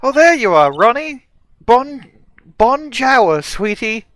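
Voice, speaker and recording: A man's voice: very high-pitched, big pitch swings, slow, fairly bright tone, faint music behind, pitched above the performer's own voice, exaggerated voice, poor audio. A man voicing a sweet-talking, scheming woman who is secretly a thief, in a fan voice dub. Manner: sugary, playfully menacing.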